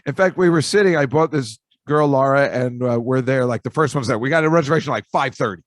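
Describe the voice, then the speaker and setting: A man hosting a podcast, rambling through stories with jokey asides and a chatty, offhand delivery. His voice sits at an ordinary middle pitch. It is recorded close and dry, with no room sound. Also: quick pace, no room sound. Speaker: podcast host. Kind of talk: casual storytelling monologue.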